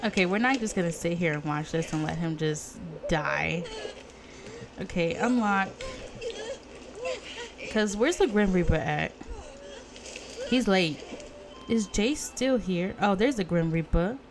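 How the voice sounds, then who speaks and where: A woman giving casual, profane commentary on her life-sim game, gasping and reacting loudly. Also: on the low side, animated, unhurried, pauses often, crowd noise. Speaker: let's play gamer.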